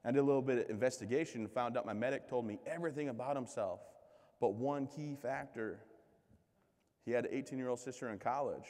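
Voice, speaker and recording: A man in his thirties delivers a comic keynote on stage. He pokes fun at himself and slips into animated voices for the people in his stories. His voice has a middle pitch, and it rings with the long echo of a big hall. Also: brisk. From United States. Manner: joking, self-deprecating, lively quoted voices. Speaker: keynote speaker. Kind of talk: comedic storytelling speech. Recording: reverberant hall.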